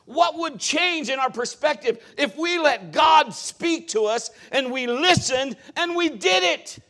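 A middle-aged man preaching a sermon as a pastor, telling stories in an animated way with big swings in his voice. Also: measured pace. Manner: animated storytelling with lively swings in pitch.

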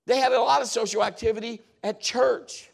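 A middle-aged man preaching a sermon as a pastor, telling stories in an animated way with big swings in his voice. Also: brisk, creaky. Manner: animated storytelling with lively swings in pitch.

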